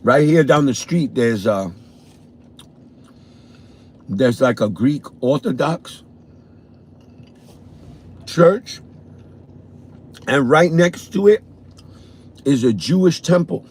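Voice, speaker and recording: A man with a New York accent, a vlogger telling a profane, animated story from his car on a morning drive. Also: mid-range voice, slow pace, long pauses, breathy edge. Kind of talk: casual storytelling.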